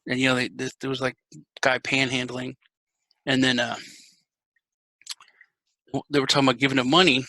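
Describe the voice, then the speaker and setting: A man's voice: medium pitch, little pitch movement, moderate pace, long pauses, bright, forceful tone, no room sound. A man hosting a podcast, telling rambling, chatty anecdotes in casual conversation. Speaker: podcast host. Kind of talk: casual chat.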